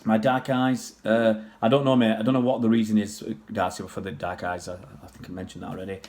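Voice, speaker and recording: A man's voice: fairly low pitch, little pitch movement, quick pace, a little mellow. A man from Pakistan, raised in England, chatting casually on a livestream and answering viewers' questions in a rambling way. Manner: rambling, chatty, many restarts and fillers.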